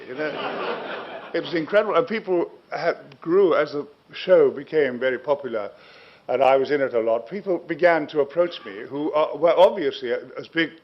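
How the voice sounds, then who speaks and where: An older man, a guest telling long, self-mocking anecdotes in an interview and chuckling through them. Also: medium pitch. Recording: dull lo-fi recording.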